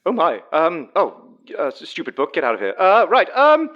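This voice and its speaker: A man's voice: on the high side, wildly swooping pitch, moderate pace, lo-fi sound, pitched above the performer's own voice. A man voicing a short-sighted, dithering old dwarf scribe who stammers and fusses. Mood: flustered. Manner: stammering, fussy, easily startled.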